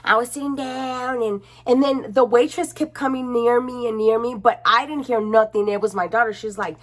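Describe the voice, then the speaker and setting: A woman's voice: a little high, normal speed. Chatty, cussing young woman vlogger. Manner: chatty and expressive, swearing freely. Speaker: beauty vlogger. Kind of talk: casual chat to camera.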